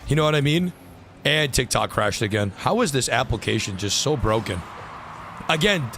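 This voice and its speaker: Ranting male gaming streamer, slightly high voice. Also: fairly bright tone, slight background noise. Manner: frustrated ranting, swears freely. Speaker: livestreamer. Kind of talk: gaming livestream commentary.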